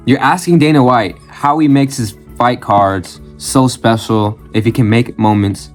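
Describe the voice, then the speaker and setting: Male vlogger doing blunt, sweary reaction commentary in repetitive bursts, middle pitch, light music bed. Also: unhurried, few pauses. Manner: ranting, blunt, swears freely; repeats phrases in bursts. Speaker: channel host.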